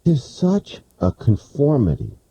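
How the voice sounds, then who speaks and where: Animated New radio host, dark voice. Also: male voice, medium pitch, takes it slowly, creaky, breathy edge. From New York. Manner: animated storyteller, acts out quotes. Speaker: radio talk show host. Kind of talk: radio talk show conversation. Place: radio studio. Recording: muffled lo-fi radio broadcast.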